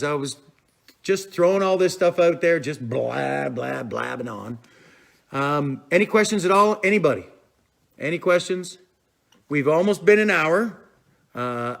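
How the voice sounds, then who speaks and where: A man hosting a casual live stream about fishing tips, rambling easily and answering viewer comments as he goes. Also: fairly high pitch. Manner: chatty and rambling, with fillers like "I'm telling you" and "man"; reads out and answers viewer comments as they come in.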